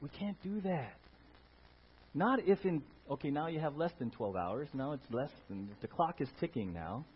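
A man preaches to his congregation, his husky voice swinging up and down as he rises into loud, emphatic bursts. He keeps asking the room questions and waiting for them to agree. The recording is dull and lo-fi. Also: a little high, expressive, moderate pace. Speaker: pastor. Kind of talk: sermon. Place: church. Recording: dull lo-fi sound.

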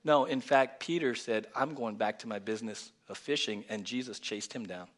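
A male pastor preaching a lively sermon, swinging from loud exclamations to hushed near-whispers and calling for congregation responses. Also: lowish voice, moderate pace. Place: church.

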